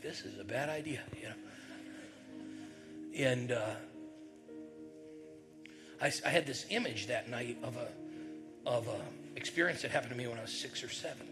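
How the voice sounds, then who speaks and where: Storytelling pastor over background music. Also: male voice, mid-range voice. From northern New York. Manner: conversational, acts out quoted voices, rising to loud bursts. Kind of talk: sermon with personal storytelling.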